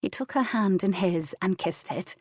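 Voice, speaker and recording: A woman narrating a historical romance audiobook in an even, measured way. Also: medium pitch, no room sound. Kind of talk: scripted narration.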